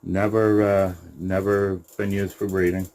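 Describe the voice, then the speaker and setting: A middle-aged man with a very low, deep voice talks slowly through a casual update on his rabbitry. He hesitates and restarts often, with plenty of fillers, and drops to a soft coo when he turns to the animals. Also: flat delivery. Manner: unhurried and halting, with many fillers and restarts, cooing softly to the rabbits. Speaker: rabbit breeder.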